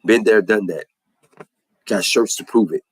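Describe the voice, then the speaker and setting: Husky low-voiced man testifying. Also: measured pace, no echo, rough recording. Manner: preacherly, repeats phrases for emphasis. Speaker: speaker giving religious testimony. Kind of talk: impassioned spoken testimony.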